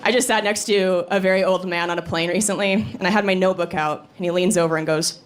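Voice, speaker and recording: A woman's voice: on the low side, steady tone, fast talker, hardly any pauses, some chatter behind. A woman in her thirties doing a stand-up comedy set, telling stories with punchy timing, acting out quoted lines and laughing at her own jokes. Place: comedy club stage with live audience laughing. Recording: live club recording, audible room noise.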